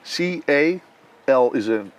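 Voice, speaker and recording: A middle-aged Dutch-accented man chats through an interview as a composer. He tells stories with lively energy, breaking into sung melodies to make his point. His voice sits at an ordinary middle pitch. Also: slow, clean tone. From Netherlands. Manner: animated storyteller who sings melodies aloud.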